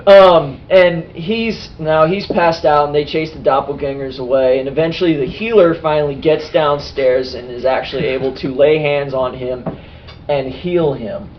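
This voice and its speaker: A man who is a podcast host and game master, recapping a tabletop game session in lively, casual storytelling. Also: fairly high pitch, normal speed, slight background noise. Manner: animated storytelling. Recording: dull lo-fi sound.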